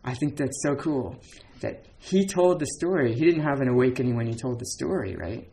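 A man's voice: medium pitch, lively intonation, brisk, vocal fry, mellow. Casual male Zen teacher giving a talk. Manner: casual, lots of "like" and "um", laughs between points. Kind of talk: dharma talk.

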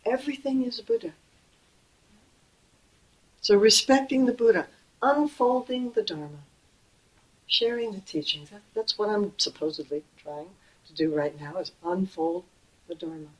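A woman teaching Buddhist practice in an easy, conversational sermon. Her voice sits at a middle pitch. She eases off and goes quiet and slow whenever a point matters. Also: expressive, low-quality recording. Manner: gentle and conversational, slowing and softening on key phrases. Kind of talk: dharma talk.

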